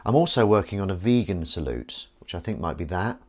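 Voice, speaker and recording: A man's voice: deep voice, expressive, fairly quick, darkish tone. A man hosting a live stream at home, talking in a rambling, playful, self-mocking way. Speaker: livestream host. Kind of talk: casual live-stream chat.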